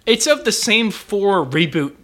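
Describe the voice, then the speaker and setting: A podcast co-host in loose, casual conversation. His voice is a touch high and bright with an edge of force. He trips over his words and loops back through restarts and fillers. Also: sing-song, a little slow. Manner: stammering, many restarts and fillers. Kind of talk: casual chat.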